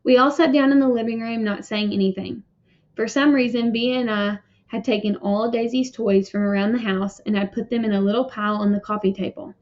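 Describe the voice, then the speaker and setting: A woman's voice: on the high side, fairly even intonation, brisk, darkish tone. A woman reading a children's novel aloud with earnest feeling and brief apologetic asides. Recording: muffled lo-fi recording.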